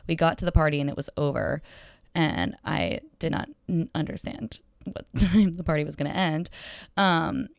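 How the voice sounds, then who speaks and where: Young woman, solo storytime vlog, dry close sound, deep voice, chatty and rambling. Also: normal speed, vocal fry, no room sound. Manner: chatty and rambling, filler-heavy, acts out dialogue. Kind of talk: casual dating storytime.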